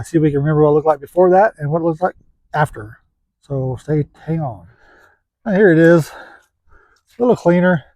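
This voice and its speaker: Casting note: plain-spoken man, slightly high voice, dry close mic, easygoing joking how-to delivery. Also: mellow, no echo, rough recording. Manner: folksy, joking, rambling. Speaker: classic car seller. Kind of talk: casual how-to vlog.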